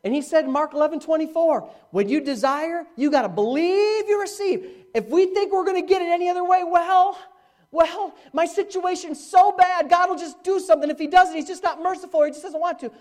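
A middle-aged male pastor preaching a sermon, with dramatic swings from hushed to loud. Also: brisk. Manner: animated preaching with dramatic swings in pitch and volume. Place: church, live-streamed.

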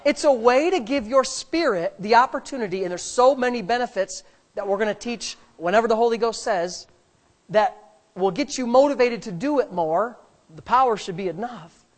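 A fervent woman minister preaches with a fairly high voice. She is emphatic, repeats her words, exclaims often, and breaks into rapid speaking in tongues as she leads prayer. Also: lively intonation. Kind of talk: preaching and leading prayer in a church service.

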